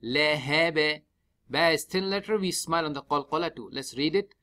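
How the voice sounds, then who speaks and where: A man teaching tajweed step by step in a mosque, spelling out letters and vowels one at a time and chanting the verses slowly and drawn out. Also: on the high side, fairly bright tone. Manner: slow, drawn-out chanting when reciting. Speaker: Quran recitation teacher.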